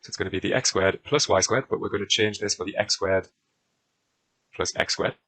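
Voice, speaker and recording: A man's voice: lowish voice, brisk, fairly bright tone, low-quality recording. A man with a British accent talking through a maths exam question as a tutor, often using fillers while he draws on a diagram. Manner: talks while drawing, with frequent fillers. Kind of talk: exam walkthrough lesson.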